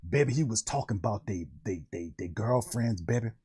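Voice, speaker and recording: A man voicing an old-school reverend, who drawls slowly and low and calls everyone baby. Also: animated, darkish tone, husky. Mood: storytelling. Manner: slow, low preaching drawl repeating "baby".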